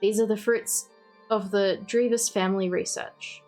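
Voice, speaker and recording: An Australian woman reading the lines of a cold, obsessive male doctor who makes dolls, in a calm, formal, softly menacing way. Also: medium pitch, measured pace, soft background music, natural voice. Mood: gloating.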